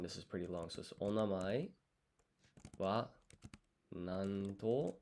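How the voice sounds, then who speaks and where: A man with a lowish voice works through a study session out loud, drawing out foreign words syllable by syllable and muttering as he corrects himself. His pace is unhurried and halting. Faint keyboard typing and mouse clicks sit in the background. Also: slight background noise. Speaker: language learner streaming his study. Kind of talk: thinking-aloud study session.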